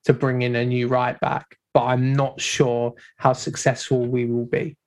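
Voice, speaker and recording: A man in a casual football podcast chat, giving measured opinions and hedging often. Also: medium pitch, little pitch movement, darkish tone. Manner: measured, hedging with repeated "I think".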